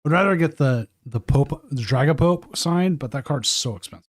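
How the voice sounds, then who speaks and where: A man's voice: fairly high pitch, lively intonation, normal speed, no echo, studio quality. A man chatting casually and rambling while streaming a card tournament. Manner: rambling, talks with mouth full at times.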